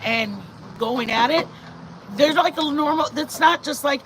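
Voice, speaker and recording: A middle-aged woman vlogger telling a story to her viewers in a chatty, animated way that often turns to her faith. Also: high-pitched, unhurried, noisy background. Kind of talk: casual storytelling to camera.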